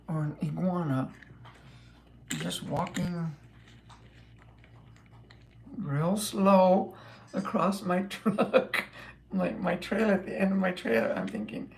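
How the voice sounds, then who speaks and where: A woman's voice: lowish voice, a little mellow, reverberant, slight background noise. A woman who drives a truck, chatting casually and rambling with frequent laughs. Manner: chatty, meandering, laughs often.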